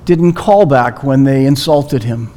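A man preaching a sermon, telling a story slowly and dramatically with long pauses. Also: medium pitch, dark tone.

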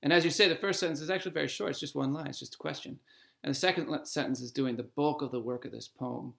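A man's voice: fairly high pitch, fast talker, vocal fry, a bit bright. A man, an English professor, co-hosting a poetry podcast and explaining sonnet form in a conversational way with some fillers. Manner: explanatory, thinks aloud with fillers. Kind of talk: conversational literary discussion.

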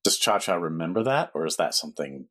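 A man's voice: deep voice, sing-song, fast talker, a bit bright. A man narrating as game master in a tabletop game, easygoing and casual, laughing often.

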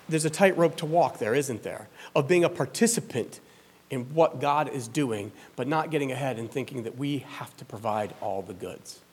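A man's voice: medium pitch, darkish tone, slightly rough. A man preaching a sermon in an earnest, conversational way, with fillers and rhetorical questions. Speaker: pastor.

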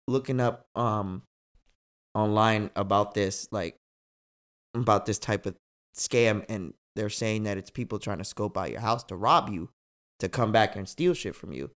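A young man hosting a podcast, telling a story in casual chat, slangy and animated, swearing freely. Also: fairly low pitch, normal speed. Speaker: podcast host.

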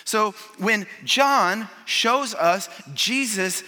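A man preaching a sermon in a church, emphatic and swinging from loud to hushed. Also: high-pitched, drawn-out words, long reverb tail. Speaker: pastor.

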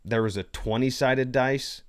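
A man's voice: medium pitch, steady tone, a little slow. A man chatting casually as a podcast co-host, rambling and playful, with many fillers and restarts. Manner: playful, jokey. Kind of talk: casual chat.

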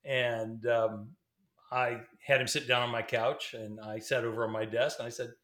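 A man's voice: mid-range voice, flat delivery, moderate pace, fairly bright tone. A middle-aged man, a former pastor, telling a story casually, rambling with fillers and restarts. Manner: rambling, fillers and restarts, laughs between sentences. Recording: roomy echo.

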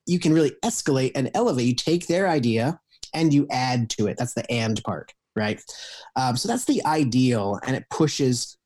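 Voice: mid-range voice, expressive, normal speed, darkish tone. A podcast guest in casual chat, explaining things at length with many fillers. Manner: explanatory, full of ums, laughs easily.

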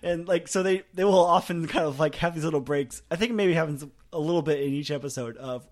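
Rambling, animated male podcast co-host. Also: on the high side, brisk, hardly any pauses. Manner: rambling, animated, laughs often, trails off softly. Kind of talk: casual chat.

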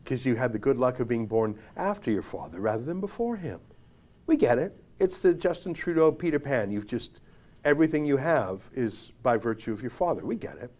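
A man's voice: mid-range voice, big pitch swings, a little fast, darkish tone. A man hosting a commentary show, giving opinionated political commentary in a sarcastic, emphatic, mocking way.

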